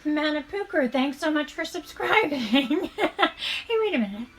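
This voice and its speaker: A woman streaming as she paints shoes, chatting casually and thanking viewers in a soft, often half-whispered voice. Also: high voice, animated, moderate pace, a little hiss or hum. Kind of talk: casual live-stream chat while painting.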